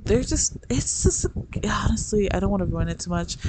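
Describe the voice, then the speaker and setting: A young adult speaker giving a casual, rambling review with quick asides and laughter. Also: medium pitch, expressive. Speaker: book reviewer. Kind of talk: casual chat. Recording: loud background noise.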